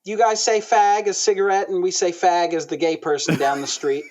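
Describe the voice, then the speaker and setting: An American man, a musical director, chatting as a podcast guest and telling lively stories. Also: high voice, normal speed, a little hiss or hum. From United States. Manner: animated storyteller, laughs mid-sentence. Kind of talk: casual podcast chat.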